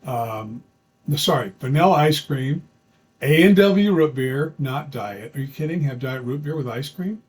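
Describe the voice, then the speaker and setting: A man's voice: medium pitch, lively intonation, measured pace, poor audio. A man telling a true story from his own life in a chatty, folksy way, with plenty of fillers and restarts. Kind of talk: casual personal storytelling.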